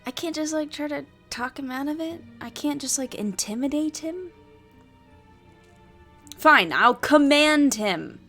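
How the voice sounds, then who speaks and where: A woman's voice: high-pitched, expressive, a little slow, a bit bright, faint music behind. A woman reading and playing through a solo tabletop adventure, chatting and thinking aloud between passages. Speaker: solo player and narrator.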